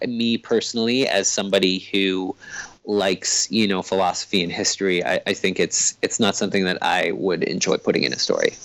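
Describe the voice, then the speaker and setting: A man guest on a podcast, talking in a thoughtful, rambling way with many pauses. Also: deep voice, vocal fry, a bit bright, dry recording, low-quality recording. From Canada. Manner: rambling, thoughtful, hesitant with fillers. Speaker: guest, comic creator. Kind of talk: casual podcast chat.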